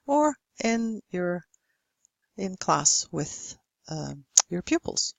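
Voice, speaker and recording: A Norwegian woman teaching English pronunciation in a slow, careful way, working through example word lists one at a time. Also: fairly low pitch, sing-song, gravelly, no echo. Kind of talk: recorded phonetics lesson.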